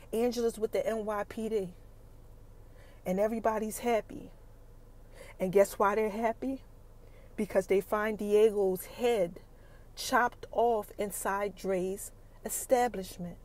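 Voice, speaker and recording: High-voiced woman animatedly recapping a TV episode. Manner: animated storytelling, acts out characters' lines. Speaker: podcast host.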